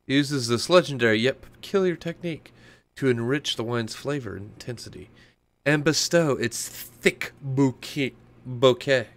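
A man's voice: mid-range voice, clear, resonant tone, natural voice. A man doing an exaggerated old English peddler voice while reading a game document aloud. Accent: put-on old English.

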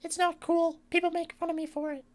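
A man from Canada putting on a squeaky childlike voice while pranking strangers on a video chat, insisting in a mock-hurt way that it is his real voice. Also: level tone, brisk. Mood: playful pleading. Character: squeaky childlike man with a sensitive, teasing streak.

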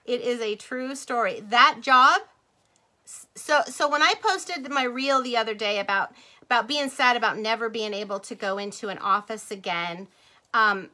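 A middle-aged woman with a bright, fairly high and forceful voice chats with livestream viewers while crafting. Calling them "you guys" and "y'all," she rambles, laughs and drifts off topic.

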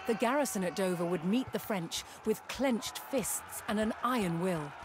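A woman's voice: mid-range voice, noisy background, close to an everyday voice. A woman voicing a solemn documentary game narrator. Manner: measured, solemn storytelling. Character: grave female history documentary narrator. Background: clear game score music.

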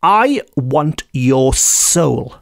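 A man voicing an impatient, snarling male devil in a folk tale, lowering and slowing his voice. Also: very animated, creaky, dry recording, studio quality, full character voice. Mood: menacing.

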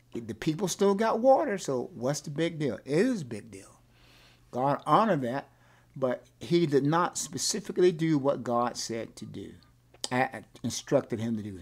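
A male pastor teaching a Bible class, animated, often repeating words and asking rhetorical questions. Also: medium pitch, slightly rough.

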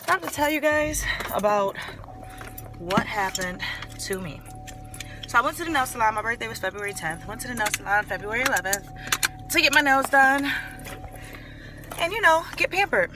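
A woman's voice: a little high, lively intonation, fairly quick, pauses often, music in the background. A young woman, telling a story in a casual, emphatic vlog while walking outdoors on a city street with a handheld phone camera. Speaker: vlogger.

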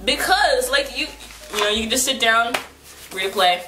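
A woman's voice: on the high side, animated, normal speed, bright, forceful tone. A young woman chatting to camera about books, rambling with many fillers and playfully teasing herself. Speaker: book vlogger. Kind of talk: casual chat to camera. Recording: roomy echo, faint background music.

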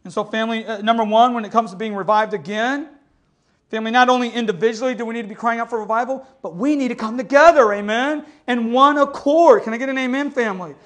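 A man's voice: very high voice, quick pace, fairly bright tone. A man preaching a sermon with passion, often calling out to the congregation for an amen. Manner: impassioned preaching, calls for amens. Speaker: pastor.

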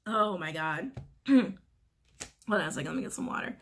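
A woman's voice: lowish voice, animated, normal speed. A woman giving a casual tarot reading, talking bluntly, swearing freely, and repeating phrases for emphasis. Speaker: tarot reader.

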